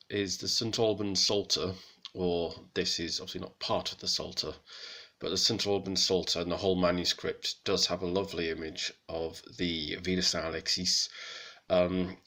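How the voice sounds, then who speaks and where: A man giving a casual, hesitant lesson on an old text, with many pauses and self-corrections. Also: low voice, bright, forceful tone. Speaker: hobbyist presenter of Old French texts.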